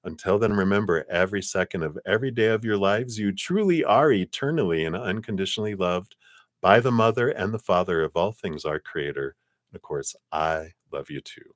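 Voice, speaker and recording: A man's voice: sits low, expressive, fairly quick, no room sound, clean studio sound. A man doing a live-streamed tarot card reading, talking in a chatty, rambling way with frequent laughs and spiritual blessings.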